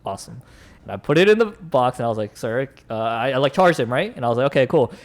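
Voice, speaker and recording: Young guy on a chill podcast telling a work story, talks fast, voice bouncing all over. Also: mid-range voice. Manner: animated storyteller, acts out customers and managers, laughs often. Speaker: podcast co-host.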